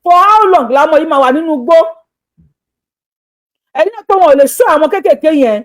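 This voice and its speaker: A high-pitched Nigerian woman speaks directly to her viewers in an urgent plea. She begs again and again, racing through some lines and drawing others out slowly. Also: expressive. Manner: pleading, begging, repetitive; shifts between fast talk and slow drawn-out appeals. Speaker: social media creator. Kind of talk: impassioned plea to camera.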